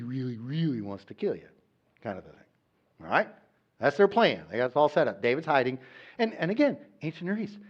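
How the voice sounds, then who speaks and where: Brief: male pastor, chatty and animated sermon delivery, slightly high voice. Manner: conversational, animated, with frequent "okay?" asides. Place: church. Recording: dull lo-fi recording.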